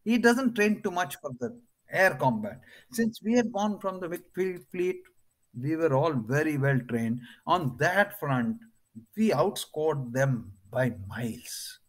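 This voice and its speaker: A man's voice: fairly high pitch, slow. An older man with an Indian accent, a retired air force officer telling stories as an interview guest. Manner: animated, acts out others' lines in his stories. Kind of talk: anecdotal interview storytelling.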